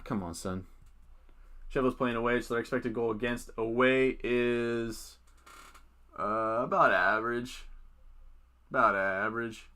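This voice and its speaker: A man's voice: mid-range voice, fairly bright tone. A man hosting a casual fantasy football livestream. He thinks aloud, reads out viewer comments and uses many fillers.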